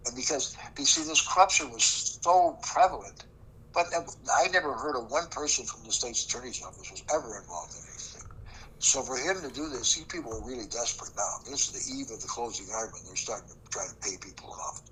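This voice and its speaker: A man's voice: mid-range voice, expressive, fairly quick, bright, forceful tone, a little hiss or hum, poor audio. An older man, a former prosecutor recounting a case in an interview, emphatic and acting out the dialogue. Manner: emphatic, acts out quoted dialogue. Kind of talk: storytelling interview.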